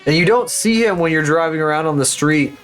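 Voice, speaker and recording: A man's voice: fairly high pitch, brisk, soft background music. A man chatting casually on a livestream, rambling, swearing freely and laughing at his own stories.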